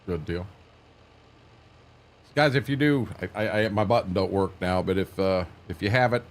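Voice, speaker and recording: Low-voiced older man chatting on stream. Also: moderate pace. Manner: rambling, repeats words while thinking; plainspoken, folksy. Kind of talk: casual live-stream chat.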